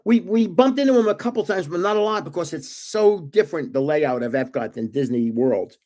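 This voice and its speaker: Older male stream host with a slightly high voice, meandering casual anecdotes. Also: expressive, a little fast, darkish tone. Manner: meandering, chuckles at his own stories. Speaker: host of a trading card livestream. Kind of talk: rambling casual storytelling.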